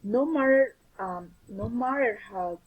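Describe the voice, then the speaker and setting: A woman giving a scripted lesson on pronunciation, explaining carefully and deliberately with examples. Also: fairly high pitch, rough recording.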